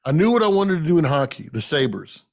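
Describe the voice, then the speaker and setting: A man's voice: a little high, sing-song, a little fast, creaky, darkish tone. A man in his thirties, a podcast co-host, ranting and joking with lots of swearing in casual sports betting chat.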